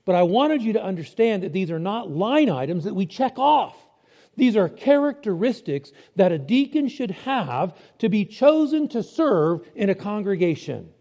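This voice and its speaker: Lively, high-voiced male preacher. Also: normal speed, lo-fi sound. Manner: conversational, explains step by step with rhetorical questions. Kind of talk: sermon.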